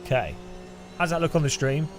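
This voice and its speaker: A man's voice: fairly high pitch, sing-song, brisk, slight background noise. A middle-aged man, chatting casually and jokingly while streaming a game live, often chuckling as he rambles. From English Midlands.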